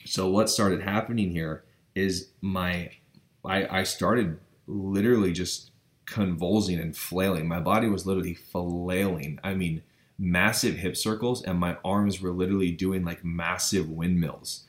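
A man with a low, deep voice tells a personal story in an earnest, breathless way. He stumbles and restarts often and keeps saying literally as he goes. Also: fairly even intonation, unhurried. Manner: earnest, breathless retelling with many restarts and stammers. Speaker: vlogger.

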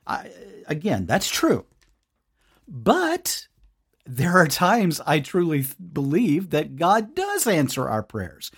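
A man with a husky, slightly rough voice hosts a devotional podcast. He speaks earnestly and conversationally, addressing the listener directly. His pitch moves a lot, rising and falling as he talks. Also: wildly swooping pitch, slow. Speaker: podcast host.

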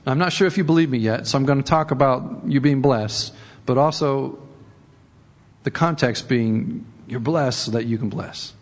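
A man's voice: medium pitch, moderate pace, in a large hall. A man preaching a sermon in a conversational way, often repeating words and rising for emphasis. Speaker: pastor.

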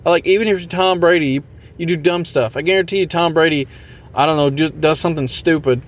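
A man's voice: on the high side, fairly even intonation, brisk. A man hosting a podcast, talking casually and motivationally, rambling a bit and poking fun at himself while repeating his catchphrases. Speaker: podcast host.

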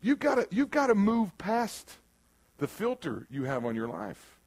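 A man preaching a sermon in a church room, who moves from loud bursts to quiet, earnest passages and acts out the voices he quotes. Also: sits high, wildly swooping pitch, unhurried. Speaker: pastor.

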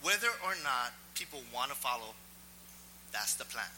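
A male pastor preaching a sermon, telling a personal story in an animated, self-mocking way. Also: medium pitch, moderate pace, in a large hall, a little hiss or hum, rough recording.

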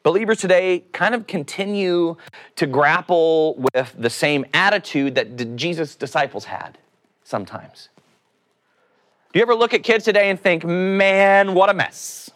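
A man gives a relaxed, joking sermon, quizzing his listeners and acting out the people in his story. His voice sits high and swings widely in pitch. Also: moderate pace. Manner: animated, joking, asks the audience questions; acts out quoted voices. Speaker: preacher. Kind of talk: casual sermon to a group.

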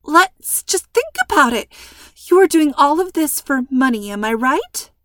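A woman puts on a frightened teenage girl who babbles to fill the silence. Her voice runs high, breathy and squeaky, and it sounds close and dry, as in a storybook reading. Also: normal speed, no room sound, close to an everyday voice. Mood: nervous babbling. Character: panicky teenage girl talking too fast.

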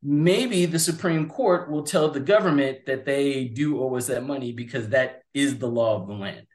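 Male co-host, 40s, rambling and animated, echoey room. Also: mid-range voice, normal speed. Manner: animated, rambling, acts out voices. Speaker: podcast co-host. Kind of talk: casual political chat. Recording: roomy echo.

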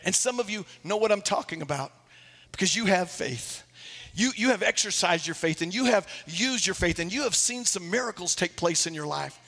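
A man's voice: high voice, lively intonation, moderate pace, creaky, pushed and bright, long reverb tail. A man, a pastor, preaching a sermon and telling stories with acted quotes, in a church sanctuary.

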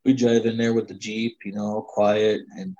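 A man's voice: on the low side, flat delivery, moderate pace, warm tone. Man rambling through a hunting tale. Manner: rambling, many "you know" fillers. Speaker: guest storyteller. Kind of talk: casual spoken hunting story. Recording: slightly dull lo-fi sound.

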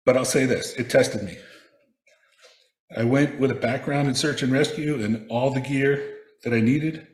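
A man reads a personal reflection he has written, pacing his stories and adding dry, wry asides. His voice sits at an ordinary middle pitch. The recording carries the reverb of an echoey room. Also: measured pace. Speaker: speaker sharing a personal reflection. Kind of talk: prepared personal reflection read aloud.

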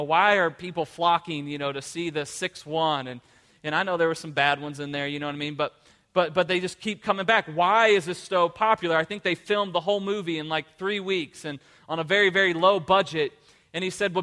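A man's voice: fairly high pitch, sharp tone, in a large hall. A man preaching a motivational sermon, emphatic, and often repeating words as he restarts. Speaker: pastor.

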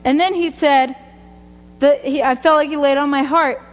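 High-pitched woman rambling through a faith testimony, laughs at herself a lot, long hall reverb. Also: fairly even intonation, normal speed, faint music behind. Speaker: speaker giving a testimony.

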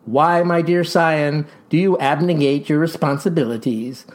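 A man voicing a stern, pompous farm father lecturing his son in high-flown words. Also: unhurried, lightly acted.

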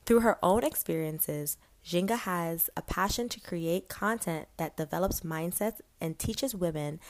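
Chatty young woman with a lowish voice. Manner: chatty, enthusiastic, many "um" and "like" fillers. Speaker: vlogger promoting small businesses. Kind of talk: casual chat to camera.

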